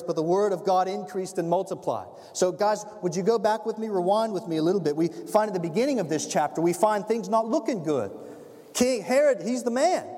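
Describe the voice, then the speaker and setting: A man preaching a sermon as a pastor, telling the story in an animated way and acting out the scenes. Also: on the high side. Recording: long hall reverb.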